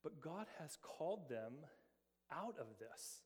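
A man's voice: fairly high pitch, sing-song, slow, slightly rough, big-room sound. A middle-aged man preaching a sermon as pastor, earnest, asking many rhetorical questions and often repeating words.

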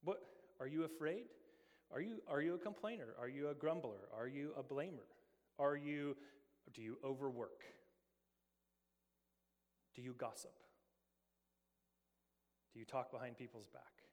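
A man's voice: mid-range voice, measured pace, pauses often, darkish tone, big-room sound. A middle-aged man preaching a sermon as pastor, earnest, asking many rhetorical questions and often repeating words.

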